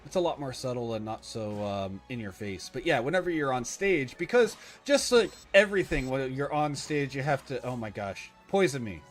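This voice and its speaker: A man streams a game live and chats casually with viewers, rambling, correcting himself along the way and voicing opinions. His mid-range voice is expressive, at a moderate pace with few pauses, over soft background music.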